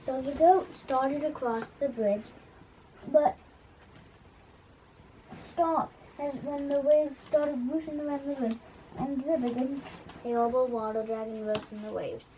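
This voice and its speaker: A woman narrating a fairy tale for a puppet show, reading haltingly and restarting words. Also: sits high, steady tone, dark tone, a little hiss or hum, poor audio. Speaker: storyteller.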